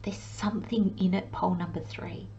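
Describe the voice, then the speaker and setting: A woman giving a channelled tarot reading in a soft, dreamy way, often dropping into a hushed whisper. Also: on the low side, fairly even intonation, normal speed, dull audio, a little hiss or hum. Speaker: tarot reader.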